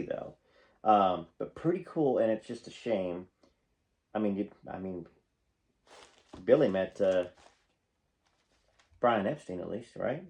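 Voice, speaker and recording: A man's voice: on the low side, a little mellow. A man hosting a channel, reading a book aloud and stopping often for casual, folksy comments. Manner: breaks off to comment, folksy and conversational.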